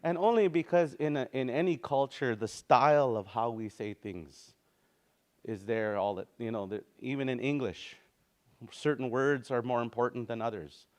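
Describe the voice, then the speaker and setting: Relaxed man teaching a language class. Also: mid-range voice, normal speed. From Canada. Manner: loose and conversational, chuckles, sings out words.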